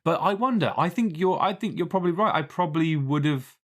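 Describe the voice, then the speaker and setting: A man co-hosting a film podcast in casual, animated chat, laughing often. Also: on the high side, a little fast. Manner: chatty, animated, laughs often, does voices. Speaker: podcast co-host.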